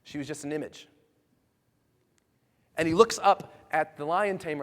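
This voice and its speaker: A motivational speaker with a fairly high voice tells energetic, strongly emphasized stories to a live audience in a large hall. He talks at normal speed with long pauses, and the recording carries echoey hall reverb.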